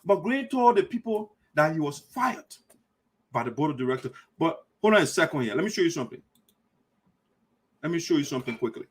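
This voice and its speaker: A man hosts his community show with a high voice that rises and falls dramatically. He hammers his points home with fiery, accusatory repetition and occasional shouting. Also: sing-song, fairly quick, long pauses, breathy edge. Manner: fiery and accusatory, repeating lines for emphasis, sometimes shouting. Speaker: host of a diaspora community show. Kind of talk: impassioned political commentary.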